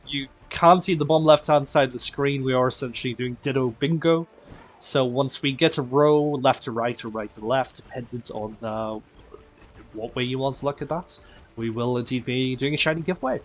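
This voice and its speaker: Tired Northern Irish game streamer, chatty. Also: male voice, medium pitch. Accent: mixed Northern Irish. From Northern Ireland. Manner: chatty, greets viewers by name, self-deprecating. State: tired and quieter than usual. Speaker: live-stream raid host. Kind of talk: casual live-stream chat.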